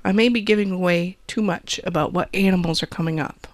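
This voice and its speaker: A woman's voice: fairly low pitch, a little fast, no echo. A woman with a Wisconsin accent hosting a college radio show, chatting casually with rambling, self-deprecating jokes.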